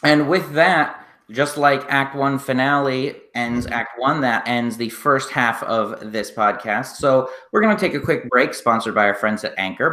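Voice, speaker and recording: A man's voice: medium pitch, pushed and bright, echoey room. A man hosting a casual podcast interview, chatty as he reads out his show's plugs and asks questions. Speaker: podcast host.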